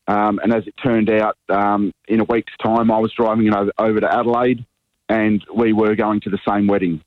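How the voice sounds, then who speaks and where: A man phones in to a radio show to tell a story, pausing often as he talks. His voice sits on the low side and comes through a dull, dry line. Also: little pitch movement, no room sound. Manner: hesitant, many ums. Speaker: caller.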